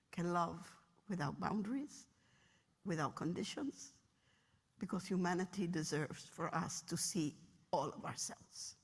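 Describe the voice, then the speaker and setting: A woman's voice: medium pitch, slightly rough. A middle-aged woman, a retired military officer, telling stories with humor in a keynote speech in a large hall. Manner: animated, humorous storytelling. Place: large hall, luncheon event. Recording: long reverb of a large hall.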